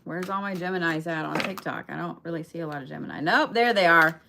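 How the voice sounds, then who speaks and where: A woman leads a casual live tarot reading and talks straight to her viewers. Her voice sits a little low for a woman. She is emphatic and chatty, and she swears in passing. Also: fast, vocal fry, background noise. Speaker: tarot reader.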